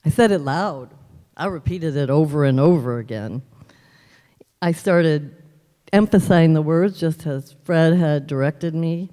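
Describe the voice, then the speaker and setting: A woman's voice: low voice, a little slow, dark tone, long reverb tail. A woman in her fifties giving an earnest personal testimony at a church service, telling her story with emphatic repetition. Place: large church sanctuary.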